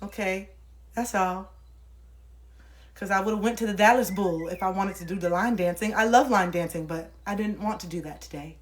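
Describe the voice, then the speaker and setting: A young woman livestreaming, ranting casually and profanely to her viewers in an animated way. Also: mid-range voice, normal speed.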